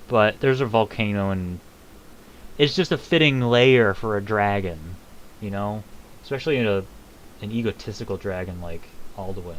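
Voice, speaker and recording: A man's voice: on the low side, a little hiss or hum, low-quality recording. A young man casually commenting on a game's lore, rambling with many ums and self-deprecating jokes.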